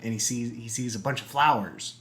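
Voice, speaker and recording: A man casually telling a long shaggy-dog joke, acting out the characters' lines in quick put-on voices. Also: medium pitch, a bit bright, faint music behind. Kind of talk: casual chat.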